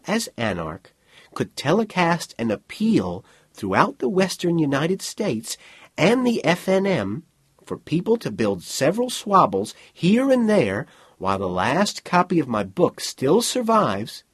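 A man's voice: a little high, huge pitch swings, measured pace, husky, no room sound, pitched above the performer's own voice, exaggerated voice. A man playing a weary, pleading inventor. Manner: earnest, pleading.

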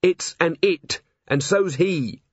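A man voicing a brisk, practical young woman of the watch with a dry, sardonic manner. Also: on the high side, no room sound, dull audio, pitched above the performer's own voice.

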